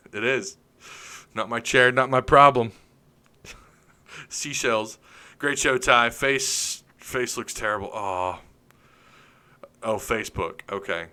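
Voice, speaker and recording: Brash, bright-voiced sports podcast host. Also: male voice, medium pitch, takes it slowly, pauses often, smooth. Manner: loud, opinionated, joking rants with frequent laughs. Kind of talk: live-stream sports chat reading comments.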